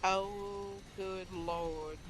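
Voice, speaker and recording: A woman's voice: mid-range voice, steady tone, drawn-out words, background noise. Mid-voiced woman, joking player. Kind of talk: casual chat.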